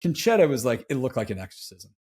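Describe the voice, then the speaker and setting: A man's voice: mid-range voice, very animated, fast, darkish tone, slightly rough. A man guest on a podcast, telling a personal story in a casual, candid way, often saying "dude" and restarting his sentences.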